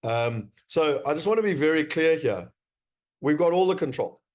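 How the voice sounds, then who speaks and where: A man's voice: a little high, expressive, normal speed. A man with a South African accent giving a presentation to investors, emphatic and wry, with many fillers. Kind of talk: presentation talk.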